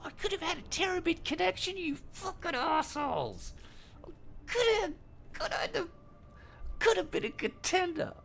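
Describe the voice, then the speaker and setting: A man putting on a high, mocking voice as a whiny grown man griping about his slow internet. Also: sing-song, creaky, fairly bright tone, heavily acted. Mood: mocking whine.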